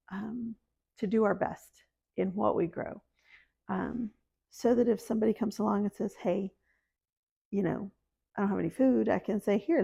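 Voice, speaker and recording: A middle-aged woman from the American Deep South, chatting casually to camera about her homestead and faith, laughing at herself. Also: vocal fry, warm tone, slightly rough. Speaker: homesteading vlogger.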